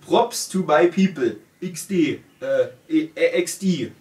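A German man with a German accent, casually reading out viewer comments in halting, self-correcting English. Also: on the high side, animated, a little mellow. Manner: halting, self-correcting, laughs at own words. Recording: roomy sound from a distant mic.

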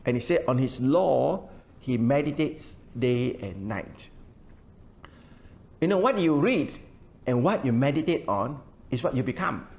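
A man's voice: mid-range voice, big pitch swings, a little slow, vocal fry, long pauses, darkish tone. An older man preaching a sermon. He often hesitates with "uh" and repeats words while explaining scripture line by line. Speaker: pastor. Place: church.

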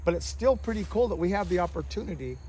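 A man's voice: sits high, quick pace, slight background noise. A man, a survival skills expert, talking as a guest in an outdoor conversation and acting out scolding voices. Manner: animated storyteller who acts out scolding voices. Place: outdoors among bushes. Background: crickets and insects.

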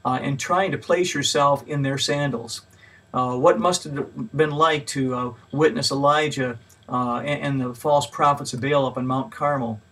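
A man teaches a Bible study method in a patient, step-by-step lecture, leaning on each numbered point and filling pauses with "uh". His voice is mid-pitched and slightly husky. He sits a little back from the microphone, so the sound is somewhat distant. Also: steady tone, fairly bright tone. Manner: plain, patient teaching with frequent "uh" fillers; stresses key words when listing points. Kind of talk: mini lecture.

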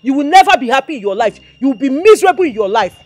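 An actress with a Nigerian accent playing a sharp-tongued fiancée who confronts the man she is to marry, mocking and scolding him in a Nigerian movie drama. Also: sits high, sing-song, very fast. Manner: mocking, scolding, switches into pidgin taunts. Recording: faint background music score.

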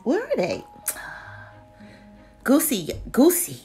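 A woman's voice: high voice, huge pitch swings, slow, mellow, faint music behind. A woman chatting casually through shopping deals, swearing and whispering asides to herself. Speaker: vlogger doing a live deal check-in. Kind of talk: casual chat.

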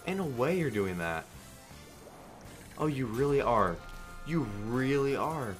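A man's voice: mid-range voice, big pitch swings, takes it slowly, faint music behind. A man streaming online slots, giving casual, profane play-by-play and thinking aloud in a frustrated way.

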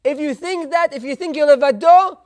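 A rabbi giving a sermon, telling a parable in an animated way and sprinkling in Hebrew terms. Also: male voice, very high voice, a little fast.

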